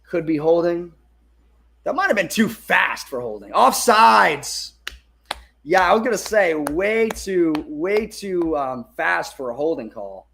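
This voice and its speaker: Excitable high-voiced male fan commentator. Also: unhurried, gravelly, slight background noise. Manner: excitable, swears, swings from hyped shouting to muttered asides. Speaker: fan streamer giving live game commentary. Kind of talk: excited live sports watch-along commentary. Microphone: phone held in hand.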